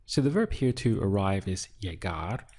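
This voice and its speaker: A man teaching Spanish, calmly working through a translation step by step and thinking aloud with small pauses. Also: sits low. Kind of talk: unhurried lesson walkthrough while writing.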